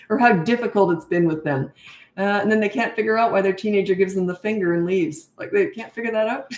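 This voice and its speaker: A woman's voice: mid-range voice, darkish tone. Blunt woman parenting coach, echoey room. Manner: blunt, emphatic, repeats herself for stress. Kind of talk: live-stream Q&A.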